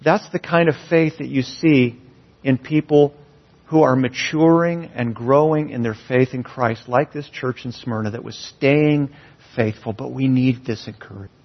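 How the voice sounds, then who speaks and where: A pastor preaching a sermon in a church, earnest and building emphasis on key phrases. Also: male voice, medium pitch, normal speed. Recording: dull, slightly lo-fi sound.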